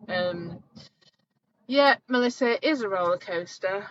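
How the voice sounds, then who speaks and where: A woman in her forties, a coach hosting a live talk, telling stories in an animated, chatty way. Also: medium pitch, a little slow, highs cut off. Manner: chatty, animated storytelling, acts out voices. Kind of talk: live online talk answering viewers.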